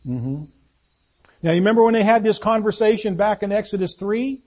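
A man's voice: high-pitched, a little fast, a little mellow. A man preaching a sermon in a folksy, conversational way, putting questions to his congregation.

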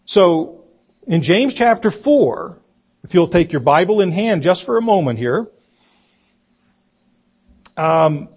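A man preaching a sermon, telling a story slowly and deliberately and acting out the quoted voices. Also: high voice, darkish tone, slightly rough. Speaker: pastor.

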